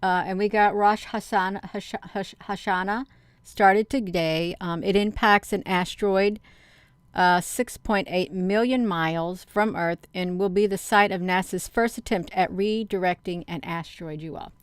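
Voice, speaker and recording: A woman's voice: mid-range voice, steady tone, unhurried, smooth, no room sound. A woman chatting casually to her viewers, rambling through online rumors with lots of fillers, calling them "you all.". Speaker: vlogger.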